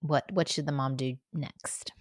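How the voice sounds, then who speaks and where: Brief: woman podcast host, deep for a woman, dry close recording, conversational. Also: steady tone, measured pace, no room sound. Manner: warm affirmations, conversational, addresses listeners directly.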